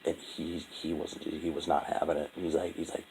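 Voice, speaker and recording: A young man telling a painful personal story in a halting, profane, heavy-hearted monologue. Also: rumbling low, flat delivery, darkish tone, slight background noise, rough recording. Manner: halting, profane, full of restarts and fillers. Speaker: vlogger.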